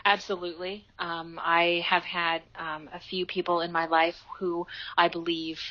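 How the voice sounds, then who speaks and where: A woman's voice: on the low side, little pitch movement, measured pace, muffled recording. A woman guest on a podcast, earnestly sharing heartfelt advice with lots of "you know"s. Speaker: interview guest, life coach. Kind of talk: podcast interview, reflective advice.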